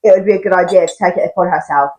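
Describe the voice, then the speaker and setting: A woman's voice: lowish voice, rapid-fire, darkish tone, a little hiss or hum. A young woman co-hosting a podcast, chiming in and finishing her friend's sentences in casual chat. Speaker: podcast co-host.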